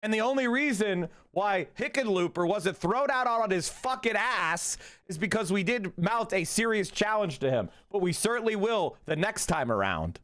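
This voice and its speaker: A man streaming political commentary in a heated, profane rant, breaking into yelled insults and stumbling over his words. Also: high-pitched, animated, normal speed. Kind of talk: casual live-stream commentary.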